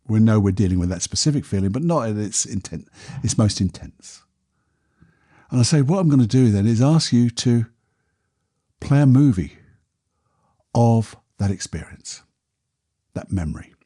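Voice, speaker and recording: A man, a podcast host and therapist, talking a listener calmly through a guided exercise in a soft, unhurried voice. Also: medium pitch. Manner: calm, soft, unhurried guiding voice.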